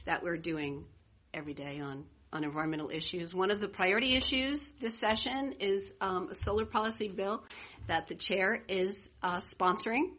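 Woman, advocate at a hearing; bright, husky, chatty and self-mocking. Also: medium pitch. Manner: chatty, self-deprecating, laughs easily. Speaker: advocate testifying before a committee. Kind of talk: informal testimony at a hearing. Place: legislative committee room.

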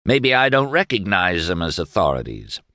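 A blunt old village editor, dry and cutting in his speech, as a man reads him. The voice sits low and deep, and the pitch rises and falls freely. It is recorded close and dry, with no room sound. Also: huge pitch swings, normal speed, sharp tone, no echo, heavily acted. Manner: plain-spoken, dry and cutting. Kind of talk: audiobook character reading.

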